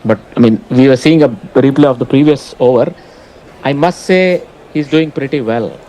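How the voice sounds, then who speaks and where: A man giving cricket commentary, with measured and analytical remarks on the bowling and the field. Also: medium pitch, warm tone, poor audio. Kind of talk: ball-by-ball commentary.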